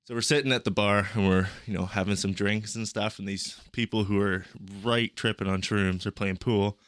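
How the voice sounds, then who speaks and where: A man's voice: fairly low pitch, fairly even intonation, normal speed, a bit bright, no echo, studio quality. A young man telling travel stories on a podcast in a rambling, profane, casual way. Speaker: podcast guest.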